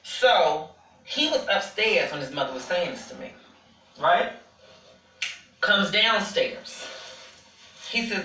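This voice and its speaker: Brief: woman host, sassy casual storyteller, bright forceful voice, roomy off-mic recording. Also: medium pitch, expressive, a little slow, long pauses, distant mic. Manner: sassy, calls listeners honey, swears freely.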